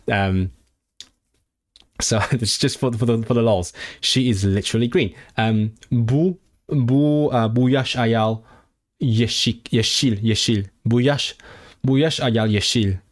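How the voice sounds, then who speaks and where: A man's voice: medium pitch, slow pace. A man livestreaming his language study, thinking aloud with fillers and restarts and carefully repeating new foreign phrases. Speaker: language-learning streamer. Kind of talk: casual livestream language practice.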